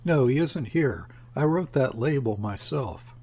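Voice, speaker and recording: Guarded shopkeeper's wife, read by a husky man. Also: mid-range voice, unhurried. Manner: calm, quiet replies.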